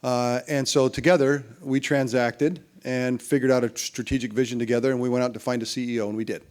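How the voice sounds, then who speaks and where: A middle-aged man being interviewed, spinning long business anecdotes. He rambles through restarts and fillers and jumps into lively voices for the people in his stories. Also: mid-range voice, fairly quick, clean tone. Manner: animated anecdotes, acts out other people's lines. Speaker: interview guest.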